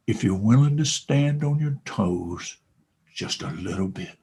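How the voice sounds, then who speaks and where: A man animatedly retelling a motivational sales story, dropping to a hush and then rising loud. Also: fairly low pitch, animated, unhurried, husky. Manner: dramatic, shifts between hushed and loud.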